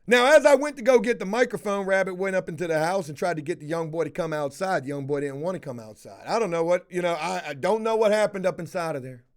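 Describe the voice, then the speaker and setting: A man's voice: high-pitched, fast talker, hardly any pauses. A man streaming live, telling a story in a casual way. He swears a lot and keeps breaking off to call out viewers in the chat. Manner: profane and animated, calling out viewers in the chat.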